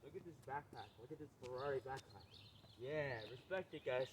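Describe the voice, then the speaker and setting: A breathless man walks outdoors filming himself with a phone on a selfie stick for a casual vlog, loud-mouthed, boastful and foul-mouthed. He speaks at a moderate pace with long pauses in a dark, mid-range voice, and a faint hiss or hum is audible.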